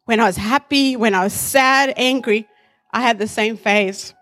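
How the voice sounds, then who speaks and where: A woman's voice: a little high, moderate pace, fairly bright tone. Earnest woman sharing her testimony. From Africa. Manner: earnest and reflective, with light laughs. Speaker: church speaker giving testimony. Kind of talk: personal testimony to a congregation.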